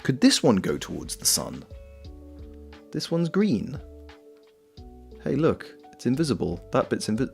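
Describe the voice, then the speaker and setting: Lively, gravelly Welsh man knitting on stream. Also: medium pitch, a little slow, long pauses. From Wales. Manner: rambling, jokey, swears freely. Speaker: streamer and voice actor. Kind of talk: casual chat while knitting on stream. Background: faint lo-fi music.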